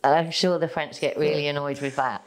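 A woman on a podcast, bringing up new topics in a measured, casual way. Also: low voice, steady tone. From England. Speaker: podcast co-host. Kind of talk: casual chat.

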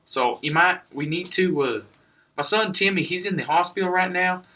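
A man's voice: high-pitched, normal speed, bright, forceful tone, distant mic. A young man playing a rambling Texan local being interviewed in a comedy sketch, stumbling over his words. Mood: bumbling. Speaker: street interviewee.

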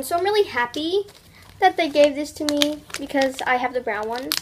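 A young woman vlogger unboxing products in an excitable, gushing way, full of exclamations. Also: high-pitched, slight background noise, rough recording.

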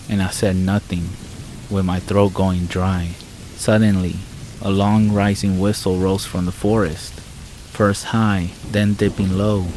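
Reading a first-person horror script, a man speaks low, flat, and evenly, in a somber, measured tone. Gentle rain sounds sit faintly in the background, along with slight noise and poor audio quality.

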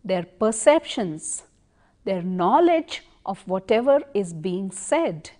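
A woman giving an educational lecture, speaking deliberately and stressing words to make her points. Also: mid-range voice, very animated, mellow. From India.

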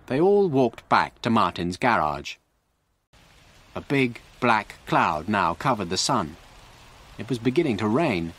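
A man narrating a graded story for English learners in a slow, clear, expressive way. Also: fairly low pitch.

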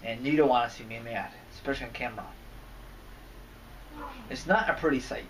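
A man's voice: medium pitch, brisk. Guy ranting on his vlog, swears a lot, sits back from the mic, bit of hiss behind. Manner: rambling, cursing, easily irritated. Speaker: wrestling fan vlogger. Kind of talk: casual rant. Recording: distant mic, faint background noise.

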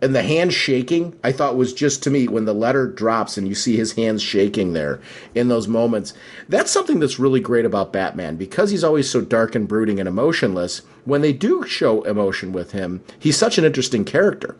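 Husky-voiced man talking comics. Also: mid-range voice, big pitch swings, a little fast. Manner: enthusiastic, thoughtful, laughs at times. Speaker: podcast co-host. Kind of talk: casual podcast chat about comics.

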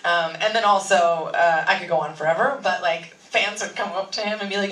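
An actress on a convention panel telling rambling, giggly anecdotes with many "like"s. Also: female voice, mid-range voice, fairly quick, hardly any pauses, fairly bright tone. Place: large convention hall. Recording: echoey hall, far from mic, faint noise.

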